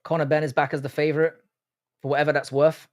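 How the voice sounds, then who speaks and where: An Irish man hosts a live fight watch-along stream, speaking in a slightly raised pitch. His delivery is casual and peppered with swearing. He reacts to the action as it happens and answers his chat. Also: level tone, fast talker. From Ireland. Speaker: livestream host.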